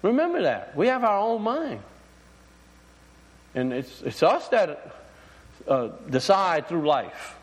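High-voiced preacher in a reverberant hall. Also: male voice, sing-song, slow pace, pauses often. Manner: conversational preaching with many fillers and restarts; asks the congregation questions. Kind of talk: sermon.

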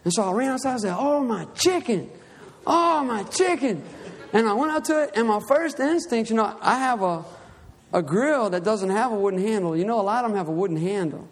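A man preaching, reading scripture aloud and then telling a personal story in an animated way, acting out his own cries. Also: sits high, quick pace, big-room sound. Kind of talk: Bible reading and personal testimony sermon.

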